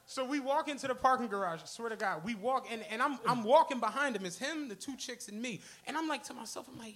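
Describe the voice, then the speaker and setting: High, bright-voiced storyteller man. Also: quick pace, hardly any pauses. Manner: animated, laughing, slangy, acts out other people's lines. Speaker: podcast host. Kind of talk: comic storytelling at a live show. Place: comedy club stage.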